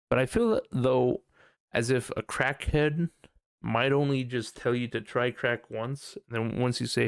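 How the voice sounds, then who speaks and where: A man's voice: mid-range voice, unhurried, gravelly, no echo, studio quality. A young man hosting a casual podcast, ranting profanely with a lot of laughter. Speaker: podcast host.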